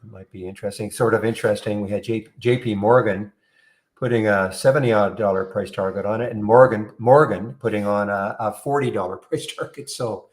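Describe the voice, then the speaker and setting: A man giving casual live market commentary in a trading room, relaxed and hesitant, with many fillers. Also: on the low side, a little fast.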